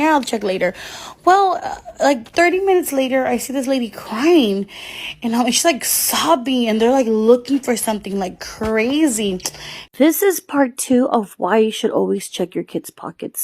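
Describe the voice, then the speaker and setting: A woman, a mother, telling a personal story in a casual, chatty way with many fillers and restarts. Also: fairly high pitch.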